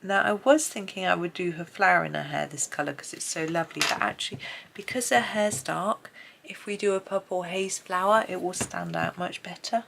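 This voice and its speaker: Low-voiced british lady chatting away while she colours, bit of vocal fry, faint hiss behind. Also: moderate pace, poor audio. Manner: chatty, soft-spoken, drifts into murmured asides. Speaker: colouring video creator. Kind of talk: casual narration while colouring.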